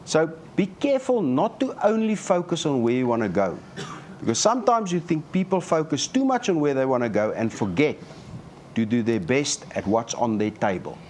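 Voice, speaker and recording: A man's voice: mid-range voice, normal speed, a little hiss or hum. A man moderating a live panel discussion and giving advice to young people. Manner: animated, lecturing advice.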